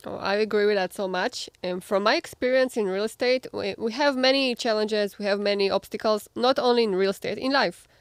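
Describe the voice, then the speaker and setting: A woman with a mid-range voice hosts a business podcast. She phrases her questions carefully and pauses a little as she speaks. The recording is dry. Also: mid-range voice, clear, resonant tone, no echo. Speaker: podcast host. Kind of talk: interview questions.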